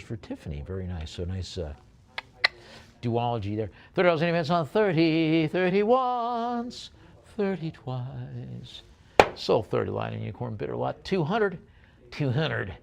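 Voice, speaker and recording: A man working as an auctioneer, calling bids briskly and adding chatty asides about each lot. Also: medium pitch, creaky. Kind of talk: live auction bid calling.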